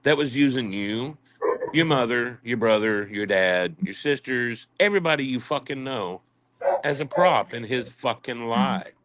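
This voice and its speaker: A man hosts a heated stream, answering clips with open scorn and a steady stream of profanity. His voice sits at an ordinary middle pitch. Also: unhurried, a little hiss or hum. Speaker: livestream commentator. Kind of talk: heated commentary on played clips.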